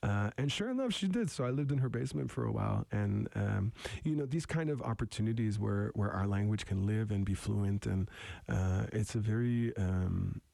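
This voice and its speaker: A young man from eastern Canada with a very low, gravelly voice speaks in a thoughtful, halting way, circling back and restarting as he gathers his ideas. His tone is mellow and dark, and the recording sounds close and dry. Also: no echo. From Wolastoqey territory, eastern Canada. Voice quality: deep radio voice. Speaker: musician guest. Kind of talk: reflective interview talk.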